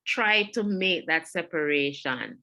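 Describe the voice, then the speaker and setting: A woman's voice: deep voice, lively intonation, takes it slowly, bright, forceful tone, muffled recording. A woman with a Jamaican accent giving a mental health webinar talk, earnest and repeating her key points. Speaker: webinar presenter. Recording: online webinar audio.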